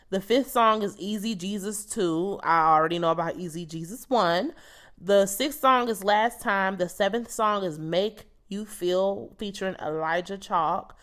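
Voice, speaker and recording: A woman's voice: medium pitch, a bit bright. Chatty young woman hosting a solo podcast. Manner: chatty, candid and blunt, with casual swearing. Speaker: podcast host. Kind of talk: casual solo album review.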